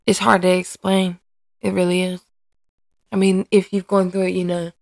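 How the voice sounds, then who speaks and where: On her own podcast, a mother talks candidly and hesitantly about her life, often restarting and searching for words, earnest and emotionally open. Her voice is fairly low, gravelly and darkish, with a level tone and moderate pace. There's no echo.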